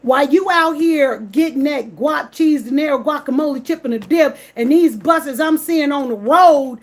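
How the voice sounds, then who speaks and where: Animated high-voiced woman ranting. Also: normal speed. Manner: animated, repetitive, emphatic, slangy. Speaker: vlogger. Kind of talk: casual direct-to-camera rant.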